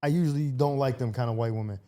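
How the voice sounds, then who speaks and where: A man's voice: medium pitch, quick pace, mellow. A man hosting a podcast, chatting casually in loose, profane banter and laughing often. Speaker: podcast host.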